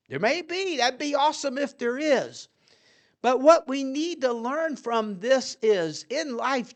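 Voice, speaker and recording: Folksy inspirational storyteller. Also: mid-range voice.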